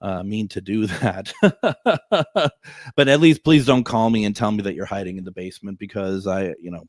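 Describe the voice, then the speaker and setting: A man's voice: lowish voice, moderate pace, dry recording, studio quality. A man in his forties hosting a radio show, telling a story in a rambling, chatty way with frequent restarts and chuckles. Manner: rambling, self-correcting, chuckling. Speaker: radio host. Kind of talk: casual storytelling to listeners. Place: radio studio.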